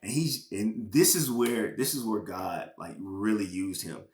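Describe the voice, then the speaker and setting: A man from Georgia, a former pro football player, sharing a personal testimony as a podcast guest with earnest, halting emotional storytelling. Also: lowish voice, reverberant. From Georgia, USA.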